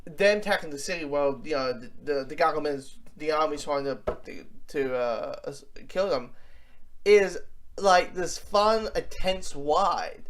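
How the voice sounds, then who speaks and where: A casual movie reviewer talks with real enthusiasm, starting a thought, dropping it, and starting again. Fillers and restarts run all through the delivery, which has a middle pitch. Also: unhurried. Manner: rambling, with many fillers and restarts.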